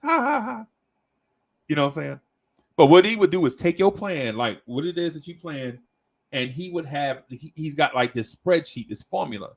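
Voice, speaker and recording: A man's voice: fairly high pitch, normal speed. Give me a man in casual chat, storytelling with slang and lots of "right?" check-ins. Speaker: podcast host.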